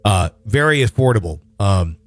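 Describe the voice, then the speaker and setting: A man's voice: fairly low pitch, animated, moderate pace. A man hosting a call-in show, chatting casually and rambling with many fillers. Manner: easygoing, filler-heavy rambling. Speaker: podcast host. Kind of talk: casual chat.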